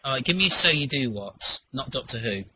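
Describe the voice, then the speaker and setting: A man talking in a rambling, animated casual chat, swearing freely, on a muffled lo-fi recording. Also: medium pitch, fairly quick, husky.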